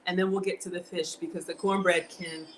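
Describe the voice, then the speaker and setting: A woman's voice: on the low side, little pitch movement, a little fast, slight background noise, low-quality recording. A woman, cooking at home on a livestream, chatting and thanking her viewers. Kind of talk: casual livestream cooking chat. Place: home kitchen.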